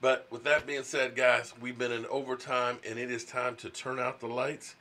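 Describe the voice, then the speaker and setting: A man hosting a relaxed live stream, his voice bright and forward. He chats easily, thanks viewers and reads out their messages one by one. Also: mid-range voice, moderate pace. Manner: laid-back, reads out super chats. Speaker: host. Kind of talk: casual live-stream chat.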